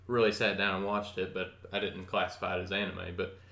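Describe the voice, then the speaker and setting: Deep, bright-voiced young man, echoey room. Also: level tone, brisk, gravelly. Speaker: podcast co-host. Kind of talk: casual chat.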